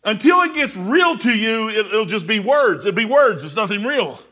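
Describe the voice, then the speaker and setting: A middle-aged man delivers a sermon in a folksy, storytelling manner. His voice sits high and sounds bright and sharp. He drops into quiet asides, then builds to loud, pressing appeals. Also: sing-song, normal speed. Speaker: pastor.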